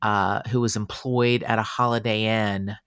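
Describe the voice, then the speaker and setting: A man hosting a casual true-crime podcast, chatty and animated, with fillers and exclamations. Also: fairly low pitch, unhurried, clean tone, dry recording, clean studio sound. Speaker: podcast host.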